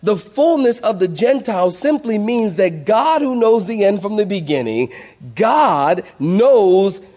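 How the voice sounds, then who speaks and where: Emphatic preaching man, fairly high voice. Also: big pitch swings, measured pace, dark tone. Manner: emphatic preaching, rising and dropping sharply, addressing the congregation. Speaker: pastor. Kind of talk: sermon.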